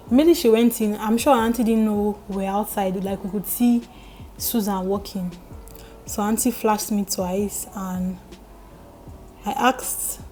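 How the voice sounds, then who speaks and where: A young Nigerian woman vlogger telling a story in lively, emphatic casual chat. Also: medium pitch, low-quality recording.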